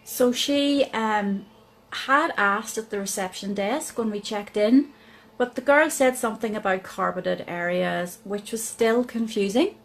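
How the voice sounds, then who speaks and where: A woman with a Northern Irish accent, telling a chatty personal story to camera as a vlogger, with many pauses and fillers. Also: medium pitch, gravelly, low-quality recording. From Northern Ireland.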